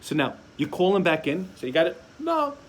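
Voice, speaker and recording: A man's voice: high-pitched, big pitch swings, a little fast, a little hiss or hum. A man giving a sermon as a rabbi, telling stories and acting out the voices of parents and children. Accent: Sephardic-community American English.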